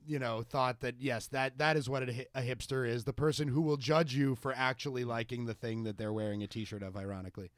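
A man's voice: medium pitch, fairly even intonation, brisk, hardly any pauses, no room sound, clean studio sound. A man telling a wry anecdote in casual podcast chat. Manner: wry storyteller, bursts into loud mimicry.

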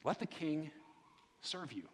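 A man preaching a sermon in a conversational, animated way, often repeating words and asking the congregation questions. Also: fairly high pitch, slow, breathy edge. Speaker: pastor. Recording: long hall reverb.

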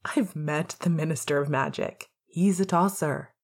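A woman's voice: deep voice, measured pace, gravelly, heavily acted. A woman reading a cocky, rebellious teenage boy wizard in a podfic, brash and playful.

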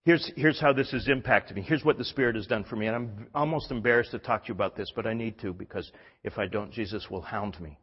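A man preaching a sermon with emphatic force, often backing up and restarting his sentences. His voice is husky and slightly breathy. The recording is dull and carries a long hall reverb. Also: on the low side, quick pace. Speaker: pastor. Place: church hall.

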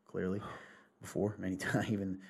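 Husky-voiced man, earnest pastor chat. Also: sits low, monotone, normal speed, a little mellow. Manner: earnest, rambling, laughs often. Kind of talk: casual church podcast talk.

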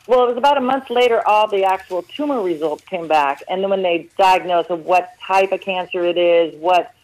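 A woman's voice: lowish voice, moderate pace. A woman calling into a radio show and earnestly telling her own story, acting out the conversations she had. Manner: earnest, animated retelling with quoted dialogue. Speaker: caller. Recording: phone line.

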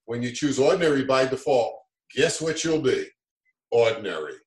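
A man's voice: medium pitch, big pitch swings, moderate pace. Middle aged guy, motivational talker, lots of ums, echoey room. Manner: upbeat motivational speaker, many fillers. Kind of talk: motivational conversation. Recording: roomy echo.

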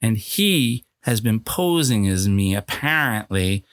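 A man voicing a prim, earnest, naive man who speaks slowly, deliberately and properly. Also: lowish voice, expressive, no room sound, studio quality.

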